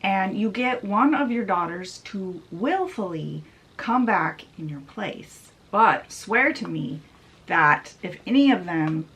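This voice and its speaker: Casting: stern male beast making a deal, told by a woman retelling a fairy tale, measured and slow. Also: mid-range voice, lively intonation, a bit bright.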